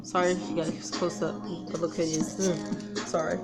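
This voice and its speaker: A woman's voice: fairly low pitch, little pitch movement, normal speed, vocal fry. A woman telling a personal story in a casual vlog, rambling, nervous and emotional, often breaking off mid-sentence. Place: at home with a song playing. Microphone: camera mic. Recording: music playing loudly in background.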